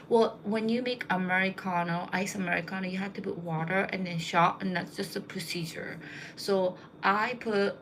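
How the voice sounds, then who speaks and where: A woman's voice: medium pitch, steady tone, normal speed, a bit bright, a little hiss or hum, poor audio. A young woman casually telling rambling anecdotes, with lots of fillers. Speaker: storyteller.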